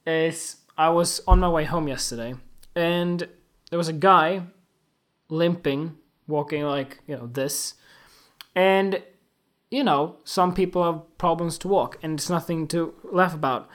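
A man hosting a podcast, telling funny everyday stories in a loose, animated and crude way, often laughing at himself. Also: fairly high pitch, measured pace. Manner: animated, giggly, crude, self-mocking. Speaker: podcast host. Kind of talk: casual comic storytelling.

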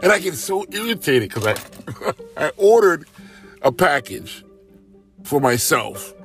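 A man's voice: on the high side, unhurried, soft background music. A man in a casual, rambling monologue, animatedly telling everyday stories and acting out what others said. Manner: animated, rambling, acts out quotes. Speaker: storyteller.

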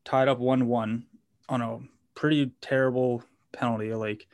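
Flat-toned man in casual sports talk. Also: medium pitch, normal speed, clear, resonant tone.

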